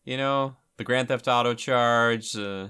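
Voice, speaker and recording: A man's voice: medium pitch, fairly even intonation, measured pace, bright, forceful tone, smooth. A man giving casual commentary over a film, chatty and rambling, with lots of filler words.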